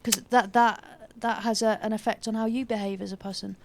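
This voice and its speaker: A woman's voice: medium pitch, little pitch movement, fairly quick. A woman co-hosting a casual livestream chat, talking hesitantly with stumbling restarts. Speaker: co-host.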